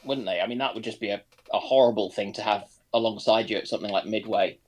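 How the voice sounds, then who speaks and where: A man's voice: fairly low pitch, fast, breathy edge. A man chatting casually as a guest on a live stream, adding wry joking asides. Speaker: co-host guest.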